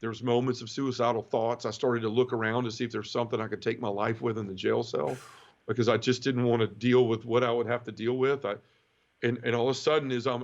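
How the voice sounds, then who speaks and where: In an interview, a man recounts his own conversion story with earnest, vivid emotion, frequently restarting and repeating words. His voice is mid-range and the audio sounds dull.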